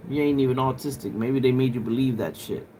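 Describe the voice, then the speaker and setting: A livestreamer with a warm, mid-range voice talks briskly, with a little hiss or hum in the background. In a casual stream chat he rambles loosely straight to his viewers, heavy on filler and swearing.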